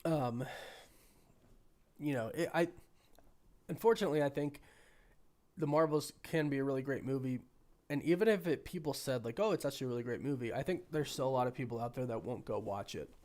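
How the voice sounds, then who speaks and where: A man with a cold, hoarse and sniffly, hosting a casual live stream and chatting with viewers while thinking aloud. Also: mid-range voice, brisk, long pauses, darkish tone. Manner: rambling, thinking aloud with many restarts. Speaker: livestream host.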